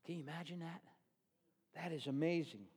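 Lively high-voiced preacher in a hall. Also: male voice, moderate pace, breathy edge. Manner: animated storytelling, asks the congregation questions. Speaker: pastor. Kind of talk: sermon. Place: church.

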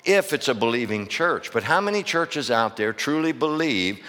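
Emphatic preacher man with lively pitch. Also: moderate pace. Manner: emphatic preaching with call-and-response questions. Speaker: pastor. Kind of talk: sermon. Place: church sanctuary. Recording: long hall reverb.

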